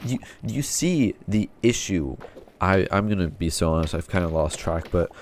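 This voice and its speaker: A man's voice: sits low, lively intonation, moderate pace, a little mellow, a little hiss or hum. A young man telling a personal story in a rambling, frustrated way, swearing often. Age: young adult.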